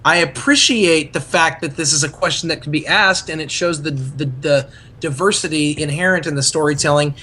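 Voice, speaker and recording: Male co-host, a touch high-pitched, deadpan and wry in casual talk. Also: moderate pace. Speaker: podcast co-host. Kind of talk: casual chat.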